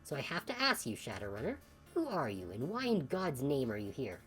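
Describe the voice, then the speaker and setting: A woman lends her voice to a sickly, gaunt old scientist in a video game, speaking in a formal, measured and stern way. The voice sits low but swings widely in pitch, with faint music underneath. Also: wildly swooping pitch, heavily acted. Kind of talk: video game dialogue read aloud.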